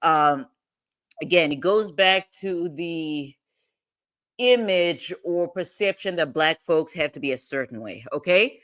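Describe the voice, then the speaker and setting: A woman's voice: deep voice, slow pace, a bit bright. A woman hosting a legal commentary livestream, rambling and digressive in casual talk, breaking into laughs often.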